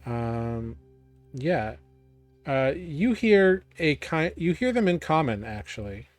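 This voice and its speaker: A man narrating as game master in a tabletop game, describing scenes in a halting way full of fillers. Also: a little high, big pitch swings, no room sound, faint music behind.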